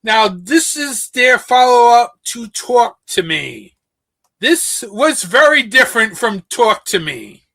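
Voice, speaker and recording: A man's voice: high voice, bright, forceful tone. A male podcast host in casual chat, enthusiastic and repeating himself for emphasis.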